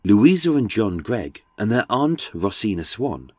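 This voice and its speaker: A man's voice: on the low side, very animated, unhurried, a little mellow, dry recording. A man with a British accent, narrating a true-crime podcast in a dramatic, darkly wry storytelling manner. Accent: British English.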